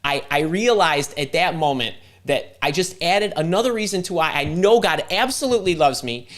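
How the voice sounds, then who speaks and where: A man's voice: a little high, lively intonation, moderate pace, fairly bright tone. A man in his fifties hosting a live stream, telling a long personal story with lots of restarts and repeated words. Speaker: host.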